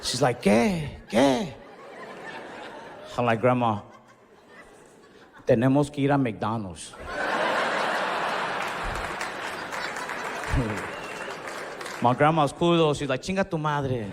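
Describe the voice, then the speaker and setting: This young comedian speaks at a medium pitch, very slowly and with long pauses, as he tells casual stories mixed with Spanish asides. Crowd noise fills the background of the comedy club, where a laughing audience watches his stand-up set. The live stage mic carries a long hall reverb.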